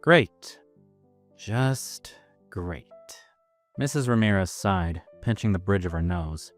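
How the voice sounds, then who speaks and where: A man's voice: sits low, lively intonation, slow pace, soft background music. A man narrating a story in the first person, in a casual, self-mocking manner.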